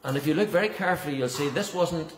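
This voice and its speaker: A man's voice: a little high, quick pace, slight background noise. A man preaching a sermon as pastor, earnest and emphatic, often repeating words for stress. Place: church. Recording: echoey church hall.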